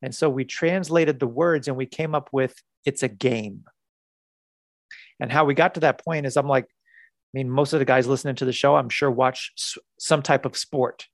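A man coaching on a podcast, animated and repeating words for emphasis as he acts out conversations. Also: medium pitch, normal speed, vocal fry, no room sound.

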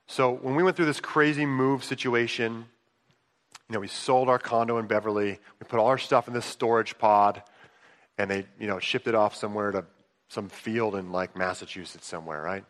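A male pastor preaching a conversational sermon, swinging between hushed asides and excited outbursts. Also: on the low side, normal speed. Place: church sanctuary. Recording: long reverb of a large hall.

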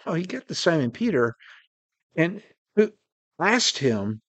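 A man preaching a sermon in an earnest way, slowing down to stress key words. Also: fairly high pitch, sing-song, no room sound, highs cut off.

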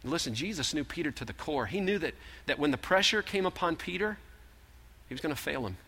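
A man preaching with a bright, tense, slightly high voice. He tells the story earnestly, leaning in and then dropping to a hush, and a long reverb trails each phrase in the hall. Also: expressive, brisk, husky. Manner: earnest storytelling preacher, shifting from emphatic to hushed. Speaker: pastor. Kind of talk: sermon.

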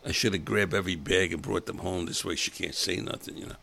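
An older man, a comedian telling crude, animated stories in a casual monologue and acting out the people in them. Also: sits low, fast talker, creaky. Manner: animated storytelling, acts out other voices, blunt and crude. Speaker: comedian host.

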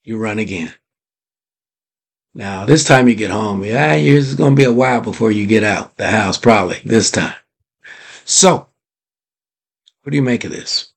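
A man hosting a motivational podcast, telling a story in a drawn-out, deliberate way and putting rhetorical questions to his listeners. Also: fairly low pitch, gravelly, breathy edge. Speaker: podcast host.

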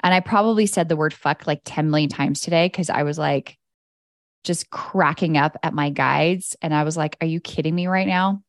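A woman's voice: deep voice, moderate pace, no echo, clean studio sound. A woman hosting a podcast as an energy coach, talking in a casual, candid monologue. She swears freely and laughs often.

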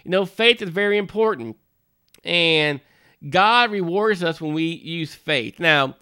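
A man's voice: fairly high pitch, animated, a little slow, pushed and bright, clear, resonant tone, no room sound, studio quality. A man who is a minister, giving a folksy devotional talk to parents in a conversational way, with frequent asides and restarts.

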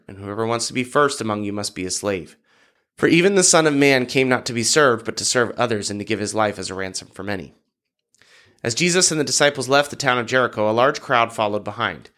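Man reading scripture, measured. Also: mid-range voice, a bit bright. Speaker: podcast host reading scripture. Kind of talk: Bible reading aloud.

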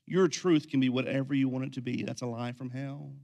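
A man preaching a sermon as pastor, swinging from quiet, intense lines to loud, energetic ones. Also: mid-range voice, brisk, vocal fry.

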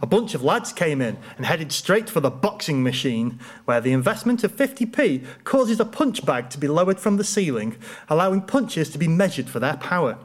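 A man telling a funny personal story with dry, deadpan wit. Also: on the high side, normal speed.

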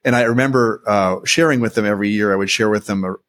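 A man's voice: fairly low pitch, quick pace, a bit bright. Enthusiastic male podcast host. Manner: enthusiastic storyteller, rambling. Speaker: podcast host, former seminary teacher. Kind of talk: interview talk.

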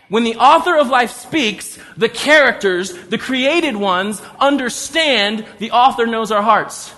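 A man preaching a sermon in an animated way, acting out the people in his story. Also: very high-pitched, unhurried. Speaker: pastor. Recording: long hall reverb.

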